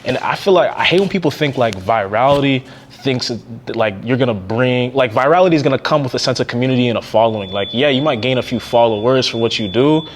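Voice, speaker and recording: Young male podcast host, quick slangy delivery, light background hiss. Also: mid-range voice. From Massachusetts, outside Boston. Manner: fast, slangy, asks questions. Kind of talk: casual podcast chat.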